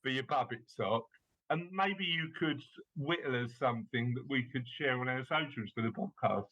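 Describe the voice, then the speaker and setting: A man hosts a relaxed podcast, joking and poking fun at his co-host between bursts of laughter. His voice sits at a middle pitch. The recording is slightly dull and muffled. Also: normal speed. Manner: playful, teasing, laughs often. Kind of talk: casual chat and show introduction.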